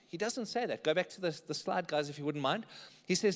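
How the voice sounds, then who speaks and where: A man's voice: high-pitched, animated, fairly quick, big-room sound. A man preaching a sermon in church, conversational and often checking in with the congregation. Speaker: pastor.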